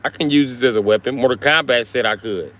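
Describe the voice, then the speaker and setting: A man's voice: mid-range voice, fast, a bit bright. A man who works as a mechanic, chatting casually and profanely on a livestream, joking around.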